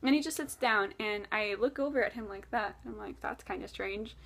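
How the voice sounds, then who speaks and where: A woman tells a long story to her camera in a chatty, animated way, scattering "like" through her sentences. Her voice sits a little higher than most women's. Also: fairly quick, gravelly. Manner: chatty, animated, many "like" fillers. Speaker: vlogger.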